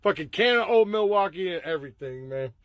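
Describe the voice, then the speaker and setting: A man's voice: sits high, expressive, fairly quick, dry recording. A man asking crude joking questions and laughing as he talks. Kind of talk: crude casual chat.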